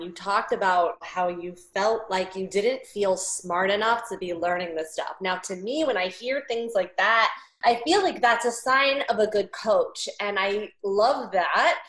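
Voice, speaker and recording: A woman's voice: medium pitch, normal speed, a bit bright. Woman host, conversational, relating to guest; recorded in a reverberant room. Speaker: podcast host. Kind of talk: casual interview. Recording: echoey room.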